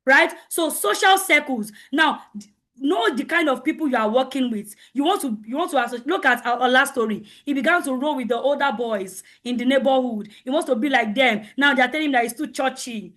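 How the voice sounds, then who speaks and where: Loud, emphatic high-voiced woman coach. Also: a little fast. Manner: loud, emphatic, repeats points for stress. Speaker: coach speaking at a teen conference. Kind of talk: motivational lecture.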